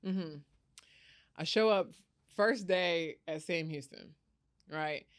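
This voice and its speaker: A woman's voice: on the low side, slow pace, dry recording, clean studio sound. A young adult woman, a startup founder telling her story in an interview and acting out the voices of others. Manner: animated, acts out quoted voices.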